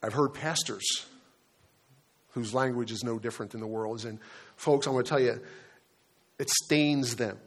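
A man's voice: medium pitch, unhurried, pauses often, slightly rough. Man preaching a conversational sermon. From Delaware, United States. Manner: conversational preaching with fillers and repeated words. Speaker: pastor.

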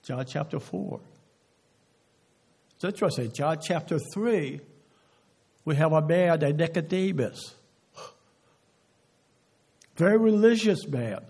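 A man preaching a sermon, slow and emphatic, often dropping to a hush on key words and asking the listeners questions. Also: fairly high pitch, vocal fry, breathy edge. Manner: asks the audience rhetorical questions.

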